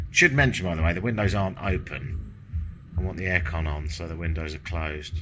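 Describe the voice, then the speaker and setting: A man's voice: a bass voice, a bit bright, a little hiss or hum. A British man vlogging from a hotel room after a sleepless night, jet-lagged, wry and self-deprecating, swearing casually. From Britain. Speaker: travel vlogger. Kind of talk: casual travel vlog monologue. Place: hotel room with windows closed.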